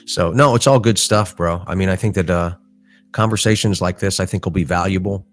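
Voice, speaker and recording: A man's voice: low voice, fairly quick, dry recording, soft background music. A middle-aged man co-hosting a podcast, telling stories in a casual, rambling way with lots of fillers. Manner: rambling storyteller with many fillers. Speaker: podcast co-host.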